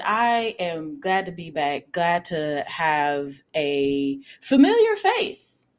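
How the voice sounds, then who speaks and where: A woman's voice: mid-range voice, a little mellow. A woman from Texas hosting a live stream interview, talking with playful, slangy hype. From Austin, Texas. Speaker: host.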